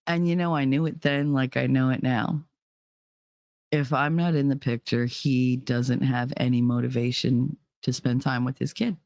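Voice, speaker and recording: A woman with a low-pitched voice tells her own story with blunt, profane emphasis. She sounds dry and close, with no room around her. Her delivery is heated and direct. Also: fairly even intonation, moderate pace, darkish tone, no echo. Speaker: podcast host. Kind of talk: personal storytelling.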